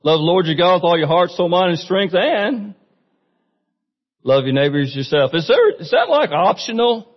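Conversational preacher in a reverberant hall. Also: male voice, high-pitched, expressive, normal speed. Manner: conversational, asks the congregation questions. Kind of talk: sermon. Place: church sanctuary. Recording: muffled recording with long hall reverb.

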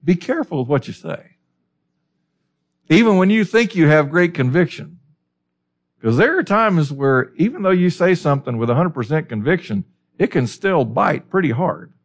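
A man's voice: fairly high pitch, very animated, moderate pace. Male preacher asking rhetorical questions. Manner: conversational, asks rhetorical questions. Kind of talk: expository sermon.

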